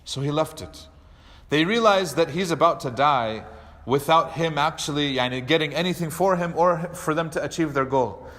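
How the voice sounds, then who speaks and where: A man delivers a mosque lecture as a storyteller, his voice sitting a little high for a man. He acts out the characters' lines with animated delivery. The hall around him carries a long, lingering reverb. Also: moderate pace. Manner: animated storyteller acting out quoted speech. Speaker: imam.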